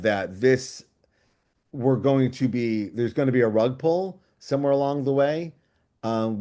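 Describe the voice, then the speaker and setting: On a video call for a book club show, a writer talks casually in a lowish voice. He's enthusiastic and thinks out loud, drifting into long digressions.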